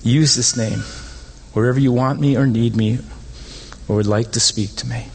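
A man preaching a sermon as pastor, animated and conversational, often rising in pitch to stress a point. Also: moderate pace, vocal fry, a little hiss or hum. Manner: animated, rises in pitch when making points. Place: church sanctuary. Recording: long hall reverb.

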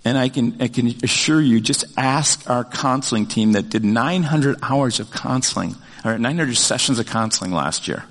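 An older man delivers a sermon in a middle-pitched voice, chatty and animated, often restarting his sentences with fillers. His voice carries a long reverb from a church sanctuary. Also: moderate pace, hardly any pauses. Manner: conversational, animated storytelling with many fillers and restarts. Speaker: pastor.

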